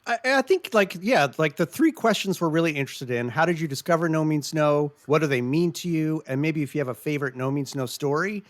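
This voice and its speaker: A man's voice: a little high, brisk, few pauses, no room sound. A man co-hosting a podcast, chatting casually and laughing, swearing freely. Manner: casual and profane, laughs often. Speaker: podcast co-host. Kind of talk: casual chat.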